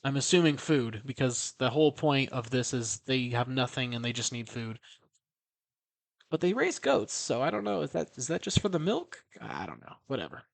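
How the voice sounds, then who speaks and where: A man's voice: medium pitch, big pitch swings, normal speed, vocal fry, no room sound. A man casually recapping a horror film, rambling, swearing and correcting himself as he goes. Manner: rambling, profane, self-correcting.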